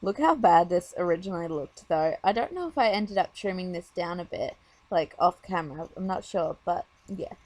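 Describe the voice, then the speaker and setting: A woman's voice: lowish voice, lively intonation, moderate pace, a little mellow. A woman talking casually over her makeup tutorial, chatty and rambling with lots of fillers.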